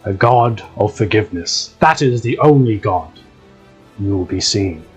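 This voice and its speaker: A stern, zealous orc warden delivers slow, solemn threats, as a man plays him. His speech is unhurried and heavy, and the voice is husky, with faint music playing behind it. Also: on the low side, animated, heavily acted.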